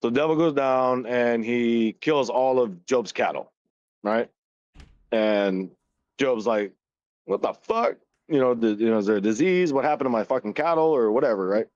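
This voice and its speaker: This podcast co-host, a man in his thirties, has a mid-range, darkish voice and a moderate pace. He retells a story in a loose, casual way, swearing all the time and often laughing. The audio is dry, dull and lo-fi.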